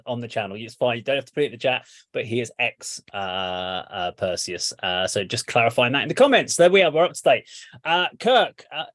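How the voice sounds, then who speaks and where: A British man hosts a casual music chat show in a relaxed, jokey manner, often stumbling over his words. His voice sits at a middle pitch. The recording is close and dry, with almost no room sound. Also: no echo. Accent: British English. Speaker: show host.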